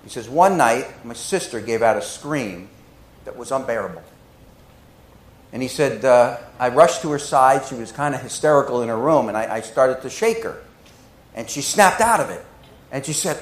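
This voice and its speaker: A man preaching a sermon, telling stories with swings between hushed and loud delivery. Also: medium pitch, expressive, normal speed, echoey room, poor audio. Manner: emotional, dramatic storytelling with swings from hushed to loud. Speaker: pastor.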